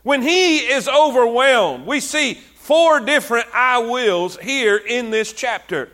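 A man preaching a sermon, exhorting his congregation with repeated phrases and building to fervent shouts. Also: extremely high pitch, expressive, slow.

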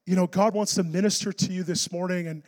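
A male pastor preaches to a congregation with a high, lively voice. He tells his story animatedly and climbs to near-shouts at its dramatic moments. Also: fast. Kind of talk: sermon storytelling.

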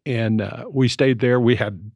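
A man in his seventies telling stories in a relaxed, reflective conversation as co-host. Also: medium pitch, measured pace, vocal fry, no room sound, lo-fi sound. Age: 70s. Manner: storytelling, reflective. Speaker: podcast co-host. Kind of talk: casual conversation. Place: Colorado.

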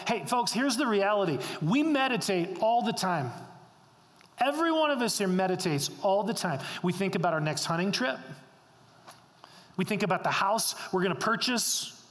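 A man's voice: sits high, animated, normal speed, a bit bright. A middle-aged man preaching a sermon as pastor, earnest, repeating phrases for emphasis. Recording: long reverb of a hall.

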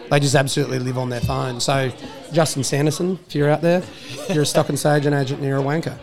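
A man's voice: medium pitch, darkish tone. A young Australian man who runs a country pub, chatting in a joking, self-mocking way and laughing often. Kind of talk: casual interview chat.

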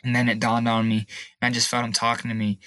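A young man sharing a personal testimony in an interview, emotional and halting, at times tearful. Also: medium pitch, completely flat delivery, pushed and bright, dry recording. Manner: emotional, halting, pauses and restarts. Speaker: guest.

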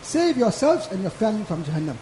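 A man's voice: high-pitched, big pitch swings, fast, mellow, a little hiss or hum. A man preaching a Friday sermon, casual in tone and repeating his points with emphasis. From South Africa. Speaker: maulana giving a Friday lecture. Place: mosque. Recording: echoey mosque hall.

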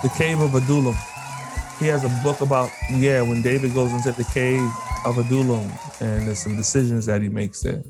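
A man co-hosting a podcast, running a quick quiz game in a playful, joking way and laughing often. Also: medium pitch, steady tone, over music. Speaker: podcast co-host. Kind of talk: casual chat, quiz game.

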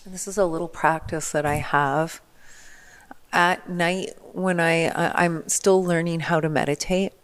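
Low-voiced woman telling a story. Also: unhurried, clear, resonant tone. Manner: animated storyteller acting out voices. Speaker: podcast guest. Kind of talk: personal storytelling in conversation.

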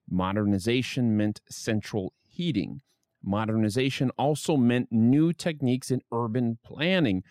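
A man's voice: medium pitch, no room sound, studio quality. A man hosting a history podcast, reading a scripted narration with wry asides. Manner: lively storytelling with wry asides. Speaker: podcast host.

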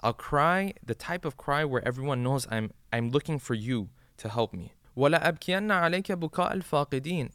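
A man's voice: mid-range voice, clear, resonant tone, no room sound, studio quality. A man teaching listeners the meaning of a supplication, explaining each line in plain words and often checking in with "right?". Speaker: religious teacher.

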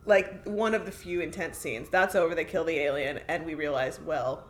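Animated podcast co-host recapping a movie. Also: medium pitch, moderate pace, a little hiss or hum. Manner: animated, recaps scenes in detail. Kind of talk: casual movie discussion.

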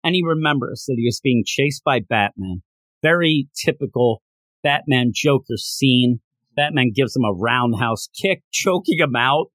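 Man, podcast host, casual comic recap, expressive, dry sound. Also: mid-range voice, measured pace, dry recording. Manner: animated storyteller, acting out the scenes.

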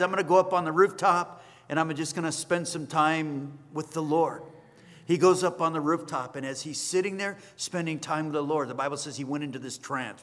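A male pastor preaching a sermon, telling the story with animated energy and acting out the characters' lines. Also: a little high. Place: church sanctuary. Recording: long hall reverb.

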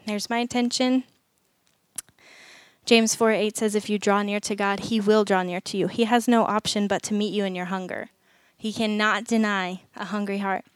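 A woman's voice: medium pitch, clear, resonant tone, dry recording. A woman speaking earnestly to parents at a church gathering, conversational, acting out short prayers as she goes. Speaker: women's ministry speaker. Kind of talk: sermon talk to parents.

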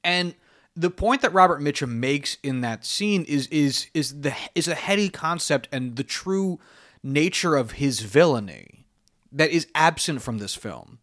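A man's voice: on the high side, animated, measured pace, fairly bright tone. A man co-hosting a casual film podcast, talking animatedly, swearing freely and acting out lines from the movies. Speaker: podcast co-host.

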